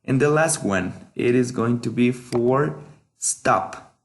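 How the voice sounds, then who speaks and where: Slow, patient male teacher. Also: mid-range voice. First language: Spanish. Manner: slow, patient, repeats each word for pronunciation. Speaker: English teacher. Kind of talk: workbook lesson walkthrough.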